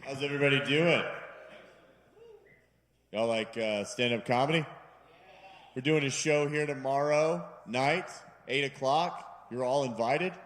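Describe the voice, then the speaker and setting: A man works a bar stage with a rambling, self-deprecating stand-up set. He slips into voices for the characters in his jokes. His voice sits at an ordinary pitch and rings out with a long reverb tail. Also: a little slow, pauses often, a bit bright. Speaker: stand-up comedian. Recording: live room with long reverb.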